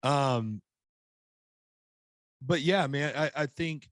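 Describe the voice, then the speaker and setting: A man's voice: on the high side, very slow, no echo, studio quality. A middle-aged man, a podcast guest, tells a personal story earnestly in casual chat, often restarting his sentences. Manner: earnest storytelling with many repeated starts. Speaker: podcast guest, author and coach.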